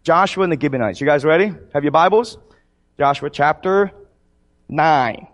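A man's voice: fairly high pitch, moderate pace. A man preaching a sermon to his congregation in a conversational, joking way. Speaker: pastor.

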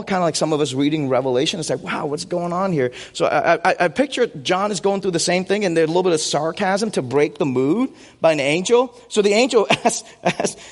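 A man preaching a sermon as pastor, animated and conversational, often checking in with tag questions. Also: fairly high pitch. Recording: long reverb of a large hall.

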